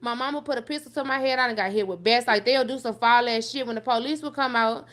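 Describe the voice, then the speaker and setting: A young woman, telling her own life story on a talk show, blunt and profane, often repeating "so fast forward". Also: fairly high pitch, fairly bright tone. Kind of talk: candid personal storytelling on a call-in show.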